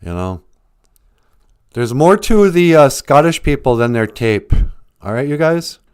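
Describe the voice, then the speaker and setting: Slow, lively-voiced joking male podcast host. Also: medium pitch, clean tone. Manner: teasing, mock-serious. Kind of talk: joking livestream chat. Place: home livestream.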